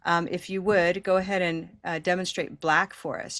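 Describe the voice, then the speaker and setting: A woman's voice: on the low side, little pitch movement, normal speed, a bit bright, no room sound, clean studio sound. Patient woman teaching pronunciation online. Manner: patient, encouraging, models long held vowels. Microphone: video call.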